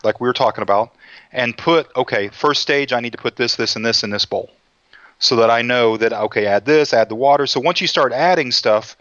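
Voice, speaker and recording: A man's voice: mid-range voice, brisk, a bit bright, dry recording. A man hosts a cooking show, chatting in a folksy, joking manner. The sound is dry and a little muffled. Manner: folksy, joking, says y'all a lot. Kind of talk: casual chat.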